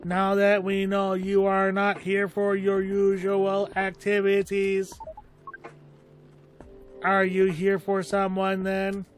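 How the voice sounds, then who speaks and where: A man voicing a stiffly formal male alien trainee, speaking slowly and carefully in overly formal words. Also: high voice, completely flat delivery, faint music behind. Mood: earnest.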